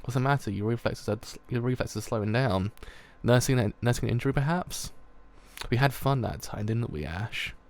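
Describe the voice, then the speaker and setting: A man voicing a menacing, taunting older male army colonel while reading a comic aloud, in a low, soft, gloating tone. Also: moderate pace, lightly acted.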